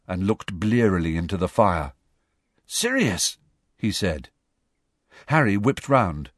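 A man narrating a children's fantasy audiobook in a measured, expressive way. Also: fairly low pitch, no room sound, clean studio sound. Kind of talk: storybook narration.

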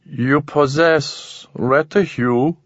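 A tall, unhurried alien, put on by a male reader, weighs each stiff, formal word in a slightly raised voice. The recording sounds dull and close, with no room around it. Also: fairly high pitch, no echo, pitched above the performer's own voice. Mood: detached, curious. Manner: slow, measured, oddly formal speech. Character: tall, calm, curious alien captor.

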